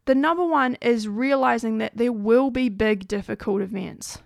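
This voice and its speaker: A woman's voice: fairly high pitch, moderate pace, gravelly, no echo, studio quality. A woman host telling a personal story in an earnest, chatty way, often saying "like".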